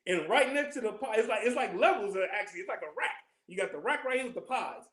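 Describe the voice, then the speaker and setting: A man's voice: sits high, expressive, fast, a bit bright. A man teaching a casual scripture class, joking in loose streetwise slang and constantly checking in with his listeners. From California. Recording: echoey room.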